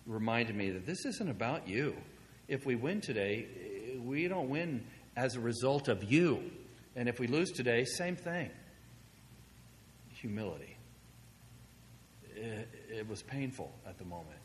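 A man's voice: mid-range voice, measured pace, long pauses. Male pastor, sermon delivery, chatty storyteller, long reverb of a big hall, faint hiss. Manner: conversational storytelling, animated when quoting himself.

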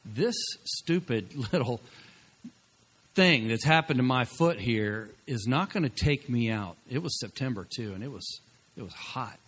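A male pastor preaching a sermon, exhorting the congregation with energy and swinging between loud bursts and quiet asides. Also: mid-range voice, expressive, a little slow.

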